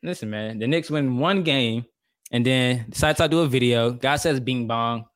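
A man's voice: medium pitch, normal speed, a bit bright. A young man hosting a casual podcast chat, laid-back and slangy.

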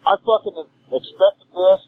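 A man's voice: high voice, fairly even intonation, unhurried, a little hiss or hum. A man leaving an angry, expletive-filled voicemail as a fan caller, ranting and sounding drunk. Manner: ranting, swearing nonstop, enraged. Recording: tinny voicemail phone line.

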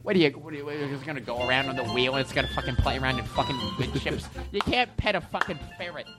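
A woman's voice: extremely low pitch, rapid-fire, loud music behind the voice. A woman playing a profane, ranting hothead. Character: foul-mouthed hot-headed man telling rants. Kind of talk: comedy character monologue.

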